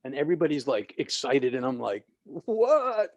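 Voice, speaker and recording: A middle-aged man telling a long personal story in an interview, animated, with many restarts and acted-out quotes. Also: lowish voice, moderate pace, no echo. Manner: animated, restarts often, acts out quoted people. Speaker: guest, author and former minister.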